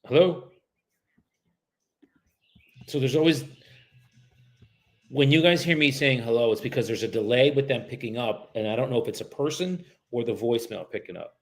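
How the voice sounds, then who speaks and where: A man's voice: mid-range voice, animated, a little fast, long pauses. Man, from the US, real estate agent, cold calls, casual, profane, joking. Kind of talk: livestreamed cold calling with running commentary.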